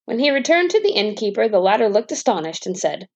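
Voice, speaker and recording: A woman reading a fairy tale aloud as a bedtime story, in a calm, even storytelling manner. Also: medium pitch, quick pace, dull audio.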